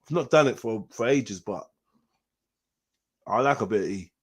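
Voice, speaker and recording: A man hosting a casual live panel chat, animated and joking, laughing often and swearing freely. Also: on the low side, normal speed, slightly rough. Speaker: host.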